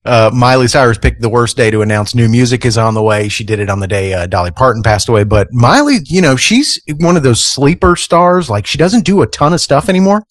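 A man's voice: mid-range voice, lively intonation, brisk, hardly any pauses, no room sound, clean studio sound. A man hosting a morning radio show, reading entertainment news in an easygoing way with many fillers.

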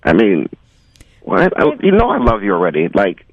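A man on a radio call, speaking in a halting, defensive, dismissive way. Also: deep voice, huge pitch swings, breathy edge, no echo, phone-quality sound. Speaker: caller on a radio segment. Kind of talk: on-air phone conversation.

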